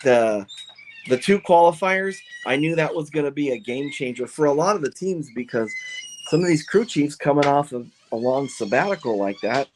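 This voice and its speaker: Excited rambling man telling racing stories. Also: a little high, moderate pace, background noise. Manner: excited, rambling, full of restarts. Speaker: funny car team owner and driver. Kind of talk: podcast interview, casual storytelling.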